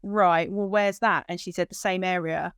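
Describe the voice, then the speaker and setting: A woman emotionally recounts searching for her lost dog, acting out quoted dialogue in an animated retelling, her voice lifting when she's moved. Her voice is lowish, clear, and resonant at normal speed, recorded at studio quality with no echo.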